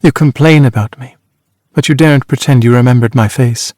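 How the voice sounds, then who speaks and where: A man voicing a worldly former actress, a woman with a brisk, teasing, cutting way of talking, in an audiobook reading. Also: mid-range voice, a little mellow, no echo, studio quality, close to an everyday voice.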